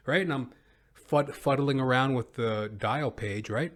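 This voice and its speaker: A young man hosting his own podcast, telling a comic story in an animated, profane, self-mocking way. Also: mid-range voice, unhurried. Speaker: podcast host. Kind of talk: comedic storytelling monologue.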